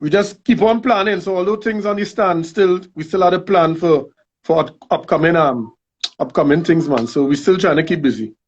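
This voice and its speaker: Guest on a dull lo-fi line. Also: male voice, fairly high pitch, moderate pace, slight background noise. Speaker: guest artist. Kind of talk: casual chat. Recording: dull lo-fi call audio.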